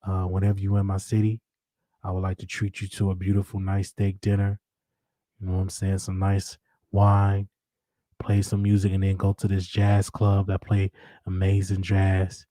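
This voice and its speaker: A man puts on a slow, low, seductive late-night voice, the smooth romancer calling a woman up. His stays, and the sound is dry and close with no room around it. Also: completely flat delivery, warm tone, no echo, close to an everyday voice. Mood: smooth, romantic.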